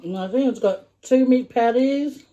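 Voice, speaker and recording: A woman's voice: high voice, normal speed, dark tone, muffled recording. A middle-aged woman, chatting casually while eating and humming over her food. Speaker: vlogger eating with her daughter. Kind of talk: casual mukbang chat.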